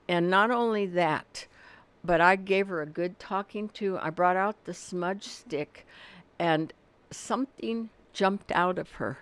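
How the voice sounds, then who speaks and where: An older woman, an author and activist, chatting casually and telling lively stories, acting out the voices in them. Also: on the low side, unhurried, clear, resonant tone. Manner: animated storyteller, acts out quoted dialogue. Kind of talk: casual conversation.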